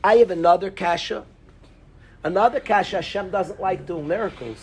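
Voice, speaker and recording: A man teaching a lively Talmud class in a synagogue, quizzing his students by name and mixing in Hebrew and Yiddish terms. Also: sits high, normal speed, slight background noise.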